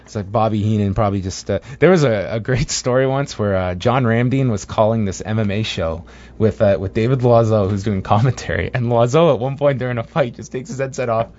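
A man co-hosting a podcast, telling rambling, animated stories in casual chat. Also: on the low side, brisk. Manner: rambling, animated storytelling with voiced impressions. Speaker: podcast co-host. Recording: muffled lo-fi audio.

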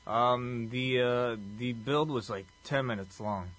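Guy co-hosting, asks stuff, kinda wry, mid pitch. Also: takes it slowly, fairly bright tone. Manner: asks questions, wry remarks. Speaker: podcast co-host. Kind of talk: casual chat.

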